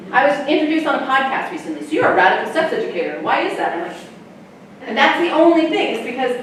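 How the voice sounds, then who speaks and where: A woman, a sex educator, giving a chatty, animated talk to parents and often laughing. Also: fairly high pitch, slight background noise. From United States. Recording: echoey room, mic far off, faint ambience.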